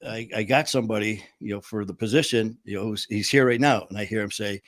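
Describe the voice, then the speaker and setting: A man's voice: on the low side, fast talker, fairly bright tone, no echo. A man hosting a casual talk, telling a story with lots of fillers, laughs and acted-out quotes. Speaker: show host.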